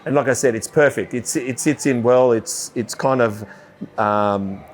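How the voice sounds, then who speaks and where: A man with an Australian accent hosting a casual podcast interview, chatty and quick to chime in with agreement. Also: mid-range voice, a little hiss or hum. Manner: chatty, frequent short "yeah" interjections. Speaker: podcast host.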